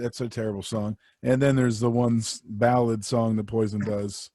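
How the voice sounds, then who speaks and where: A man's voice: mid-range voice, flat delivery, moderate pace, hardly any pauses, dark tone, dry recording. Jokey young man, dry close sound. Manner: jokey, breaks into sung snippets. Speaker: podcast co-host. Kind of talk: casual chat.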